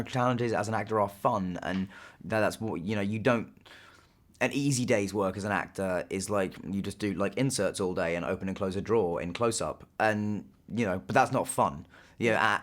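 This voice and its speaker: A young man in his twenties, an actor chatting in a press interview, rambling with many fillers and restarts. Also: on the low side. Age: 20s.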